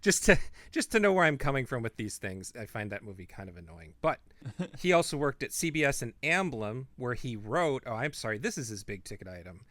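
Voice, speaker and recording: Bright-voiced chatty podcast man. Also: mid-range voice, very animated, brisk, no echo. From not from the Midwest. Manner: chatty, rambling, trails off into asides. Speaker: podcast co-host. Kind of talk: casual chat.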